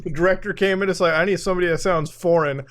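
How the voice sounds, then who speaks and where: A man's voice: high voice, steady tone, fast talker, a bit bright. A man giving casual reaction commentary on a video, sarcastic and laughing often, with some swearing.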